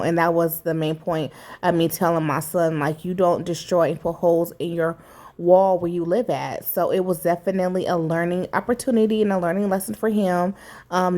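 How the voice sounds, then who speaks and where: Low-voiced woman chatting through a DIY fix. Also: a little mellow. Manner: candid, chatty, with many fillers and "you know"s. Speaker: vlogger. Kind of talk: casual DIY vlog narration.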